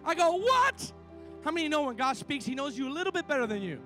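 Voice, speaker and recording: High-voiced animated preaching pastor. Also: male voice, racing, soft background music. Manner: animated storytelling with call-and-response. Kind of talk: sermon.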